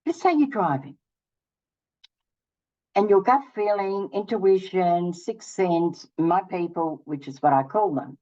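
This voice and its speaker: A woman's voice: on the low side, slow pace, warm tone, dull audio. An older woman hosting her own channel, telling a personal story casually and acting out both sides of each conversation. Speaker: channel host.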